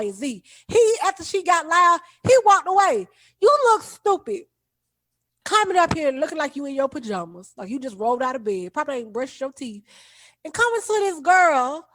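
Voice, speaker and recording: A woman's voice: high voice, no room sound. A woman co-hosting a podcast, telling a story in casual, colloquial chat and acting out the people she quotes. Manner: animated, colloquial, acts out quoted voices. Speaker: podcast co-host.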